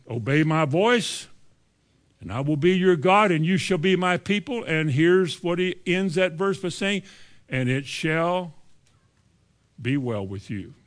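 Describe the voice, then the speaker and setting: A man's voice: fairly high pitch, fairly bright tone. A man, preaching a sermon with emphatic rises on key lines and quoting scripture. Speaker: pastor.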